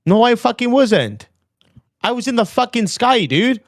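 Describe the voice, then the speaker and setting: A man's voice: very high-pitched, sing-song, unhurried. A man in a heated, profane livestream argument, cutting in with furious insults.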